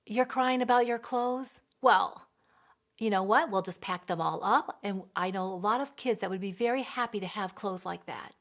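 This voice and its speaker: A woman voicing an exasperated mother who scolds her daughter with emphatic, drawn-out words. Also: medium pitch, close to an everyday voice. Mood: sarcastic.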